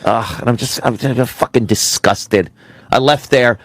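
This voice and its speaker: A man's voice: medium pitch, a little slow, fairly bright tone, no echo. A middle-aged man hosting a radio talk show, telling a rambling, profane story with many restarts.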